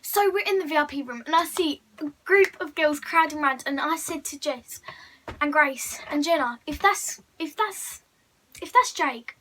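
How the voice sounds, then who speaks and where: Gushing high bright-voiced teen girl. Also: normal speed, a little hiss or hum, low-quality recording. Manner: gushing, breathless storytelling with many likes. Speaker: vlogger. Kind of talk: excited fan story vlog.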